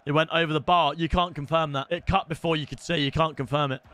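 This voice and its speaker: A young British man streaming a football game, chatting with viewers and swearing in loud outbursts. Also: on the high side, fairly even intonation, fast talker, noisy background. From Britain. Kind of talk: casual game stream chat.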